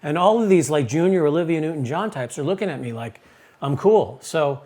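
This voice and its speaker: A man hosting a casual interview podcast, animated and jokey, often cutting in. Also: on the high side, fairly quick. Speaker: podcast host.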